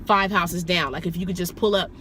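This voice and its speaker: A woman voicing a snarky, pushy French man passenger, lowered and wheedling, with a French accent. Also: steady tone, brisk, pushed and bright, a little hiss or hum.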